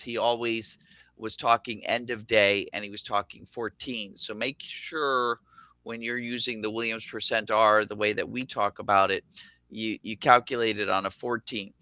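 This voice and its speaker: A man breaks down a swing trade with real enthusiasm, his voice bright and forward. The sound is crisp and smooth, and the recording is dry and close. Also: mid-range voice, no echo. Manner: energetic, enthusiastic, thinks aloud with fillers. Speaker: show host, options trader. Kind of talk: explaining trades on charts.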